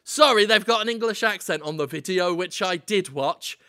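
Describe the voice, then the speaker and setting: A man's voice: high voice, moderate pace, sharp tone, clear, resonant tone. A man hosting a comedy podcast, bantering in a playful, profane, mock-grandiose way. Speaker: podcast host.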